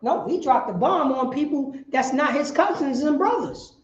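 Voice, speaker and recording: A woman preaching on the street, firing rhetorical questions and bursting into shouts. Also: high-pitched, expressive, normal speed, roomy sound, muffled recording.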